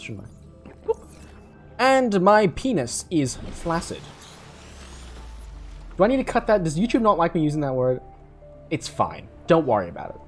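A young gaming YouTuber rambles through gameplay commentary, joking, swearing, and laughing. His slightly high voice has a breathy edge and swings widely in pitch, with faint game music behind him.

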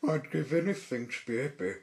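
A man's voice: medium pitch, expressive, fairly quick, recorded from a distance, pitched above the performer's own voice, natural voice. A man voicing a small, gloomy, sniffling storybook character who whines about how miserable he is. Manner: mopey, self-pitying whine.

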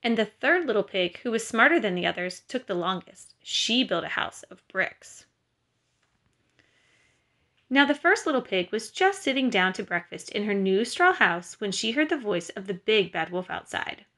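A woman teacher giving a recorded lesson to schoolchildren and reading a story aloud in a clear, patient way. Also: medium pitch, big pitch swings, normal speed, pushed and bright.

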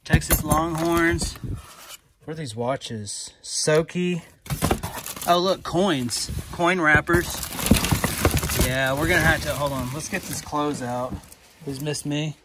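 A man chatting casually as he digs through boxes of finds, rambling and easily excited, recorded on a phone. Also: on the high side, slow, long pauses. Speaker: vlogger digging through resale finds. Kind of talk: casual running commentary. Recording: phone recording with loud clicking and handling noise.

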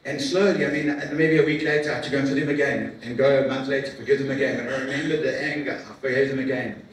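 A middle-aged man giving a heartfelt personal testimony to a men's breakfast, earnest and emotional, halting with repeats and fillers. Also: medium pitch, steady tone. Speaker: guest speaker at a men's breakfast. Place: large room at a church men's event. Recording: echoey hall from far off with faint noise.

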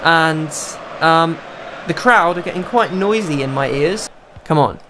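A young man narrating his own football video game as a gaming creator, talking to himself and bursting into high shouts when chances come. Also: lively intonation, a little slow, background noise. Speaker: gaming YouTuber. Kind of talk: live gameplay commentary.

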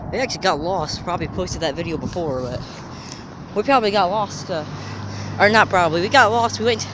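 Vlogger, plane spotter, chatty rambling commentary, outdoor street noise, mid pitch. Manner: excitable, rambling, chatty asides. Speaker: plane spotter filming overhead jets. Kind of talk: casual running commentary to camera. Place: outdoors by a gas station near an airport.

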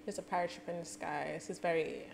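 Woman, casual reaction commentary, excitable, laughing, music audible underneath. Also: fairly low pitch, fast talker, vocal fry. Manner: excitable, laughing, exclaiming, mutters to herself. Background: music playing.

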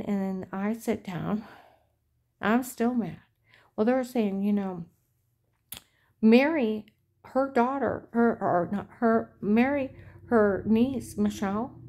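A woman's voice: on the high side, dark tone. A middle-aged woman telling a rambling personal story in an aggrieved, indignant way. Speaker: vlogger.

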